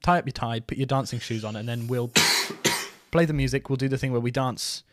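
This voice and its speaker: A man's voice: medium pitch, brisk, slight background noise. A man co-hosting a casual comedy chat, playful and jokey. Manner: playful, bursts into silly jingles. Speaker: podcast co-host.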